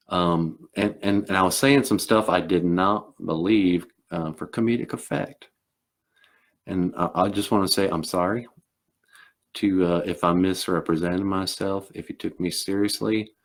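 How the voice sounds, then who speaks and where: Man doing a male dog puppet, US Southern accent, earnest, gentlemanly, stammering, apologetic, very deep voice.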